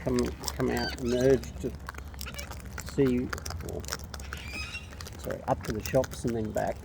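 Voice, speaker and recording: A woman's voice: extremely low pitch, steady tone, measured pace, creaky. A woman chatting casually and cooing affectionately to wild birds outdoors, filming on a phone. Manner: cooing baby talk to birds. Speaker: bird feeder vlogger. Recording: noisy outdoor recording with birds.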